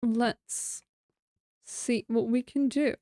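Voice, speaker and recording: A woman's voice: fairly high pitch, steady tone, extremely slow, mellow, dry recording, clean studio sound. A woman streaming a game, chatting casually and thinking aloud while she builds, mocking herself now and then. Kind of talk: casual gameplay commentary.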